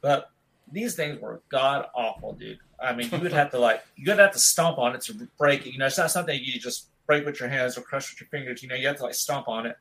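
A man's voice: mid-range voice, fast talker, vocal fry, bright, forceful tone, rough recording. A man in his thirties telling a long school story in casual chat, rambling and laid-back, with "dude" in almost every sentence.

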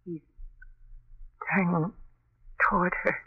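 A woman's voice: lowish voice, fairly even intonation, slow pace, husky. An actress playing a frightened young mother who watches a ghostly scene, in a 1930s radio drama. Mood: fearful. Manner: fearful, breathless whispering. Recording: muffled old radio recording with hiss.

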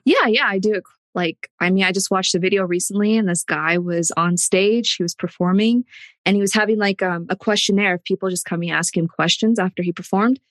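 A woman in casual podcast chat, telling a story earnestly at a middle pitch. The recording is dry and close, with no room sound. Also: fairly quick, fairly bright tone, dry recording. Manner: earnest, tells stories.

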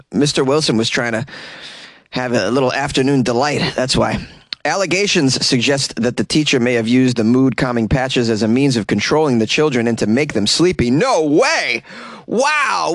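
A man's voice: mid-range voice, a bit bright, no echo. A man hosting a comedy news podcast, reading stories and breaking in with sarcastic, mock-outraged jokes and frequent laughs. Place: small closet.

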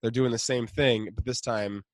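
A man co-hosting a podcast, chatting casually and enthusiastically, laughing often as he acts out quotes. His voice sits at an ordinary mid pitch. The recording is dry and close, with no room echo. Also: steady tone, moderate pace. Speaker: podcast co-host. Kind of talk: casual chat.

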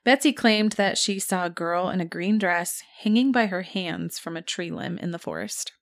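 A woman's voice: fairly low pitch, normal speed. Laughing woman telling a ghost story. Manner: narrates a spooky tale casually, laughs often. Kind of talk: casual storytelling chat.

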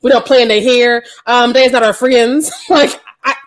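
A woman's voice: on the high side, steady tone, moderate pace. A woman. She co-hosts a casual podcast, blunt and profane, and laughs often. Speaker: podcast co-host.

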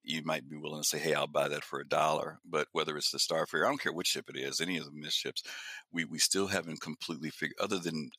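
A man co-hosting a casual gaming podcast, speaking in a measured, thoughtful way. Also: a bass voice, steady tone, sharp tone, no echo. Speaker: podcast co-host.

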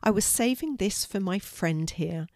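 A woman's voice: mid-range voice, expressive, a little slow, a little mellow, no echo, studio quality. A woman voicing a cheerful, kind young girl in a storybook reading, eager and polite.

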